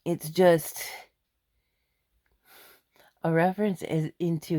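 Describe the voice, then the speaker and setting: A woman's voice: fairly low pitch, unhurried, a little mellow, no echo, clean studio sound. A middle-aged woman venting angrily in a vlog, blunt and emphatic. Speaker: vlogger. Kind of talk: angry ranting vlog.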